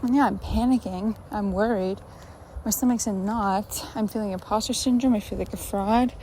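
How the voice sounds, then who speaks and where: A woman's voice: medium pitch, fairly even intonation, moderate pace, warm tone, far from the mic. Twenties woman, casual vlogger, nervy, self-deprecating ramble. Echoey home room, some faint hiss. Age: 20s. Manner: rambling, self-mocking, anxious. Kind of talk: casual vlog chat. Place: room at home, moving around while working out. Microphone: phone camera, sometimes from across the room.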